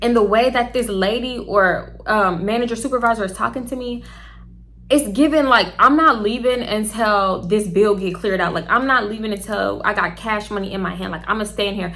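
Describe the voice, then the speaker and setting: A young woman, chatty and animated, telling a storytime to camera and talking straight to her viewers. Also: mid-range voice, normal speed. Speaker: storytime vlogger.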